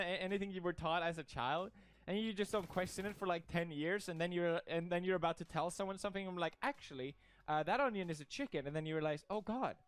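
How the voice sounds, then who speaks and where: A young man from Sweden, streaming casual commentary in a jokey, mock-outraged way and laughing often. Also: on the high side.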